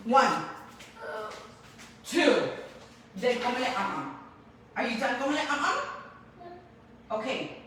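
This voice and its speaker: A woman's voice: high voice, big pitch swings, takes it slowly, pauses often, bright, forceful tone. A woman, a mother of several kids, chatting candidly at home in her kitchen and giving firm commands to her children. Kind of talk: casual chat vlog. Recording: noisy home recording.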